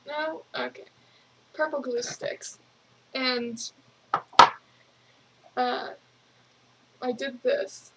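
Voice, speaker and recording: A young woman rambling casually in a video journal, giggling often and filling pauses with ums. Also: fairly high pitch, fairly even intonation, background noise. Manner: rambling, giggly, lots of fillers. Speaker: vlogger.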